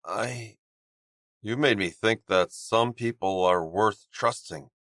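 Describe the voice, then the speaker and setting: A man voicing an eager, nervous young male hockey player in an audiobook, speaking with a hoarse, hopeful tone. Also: fairly low pitch, slow, a bit bright, dry recording, clean studio sound. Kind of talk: audiobook character voice.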